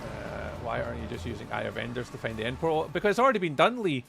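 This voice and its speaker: A man's voice: mid-range voice, fast talker, creaky, heavy background noise. A man with a Scottish accent giving chatty live gameplay commentary as a streamer, answering viewers' chat messages aloud. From Scotland. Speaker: livestreamer.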